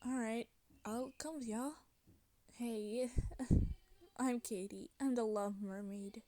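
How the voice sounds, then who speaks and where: A tender-hearted young mermaid , voiced by a woman speaks in a fan-made story with a slightly raised, slow drawl. She leans on y'all and sounds soft and sincere. The recording is dry and close. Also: fairly high pitch, fairly even intonation, no room sound. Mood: sad, troubled.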